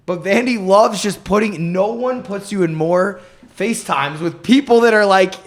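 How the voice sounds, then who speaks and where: A man's voice: high-pitched, moderate pace. A middle-aged man hosting a podcast in casual chat, joking and telling stories with frequent laughs. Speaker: podcast host.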